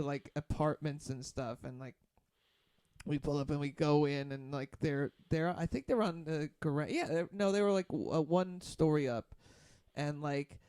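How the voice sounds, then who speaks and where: A man's voice: on the high side, mellow, clear, resonant tone, no room sound. A man hosting a podcast, telling a long rambling story in casual chat, heavy on fillers and swearing, acting out what others said. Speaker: podcast host.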